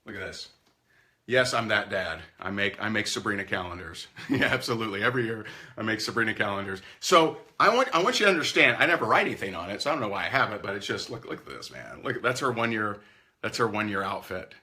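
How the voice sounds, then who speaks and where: A man's voice: fairly low pitch, animated, quick pace, pushed and bright. A man coaching network marketers, talking animatedly and acting out phone calls in goofy voices. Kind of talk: sales coaching talk.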